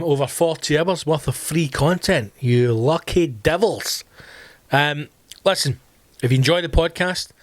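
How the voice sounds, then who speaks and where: A Scottish comedian with a Glasgow accent talks straight to his listeners in a loose solo podcast monologue. He is lively and swears freely, and his voice sits at an ordinary male pitch. The sound is dry and close, with no room around it. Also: no echo. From Scotland. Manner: animated, swears freely, addresses listeners as team. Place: home during lockdown.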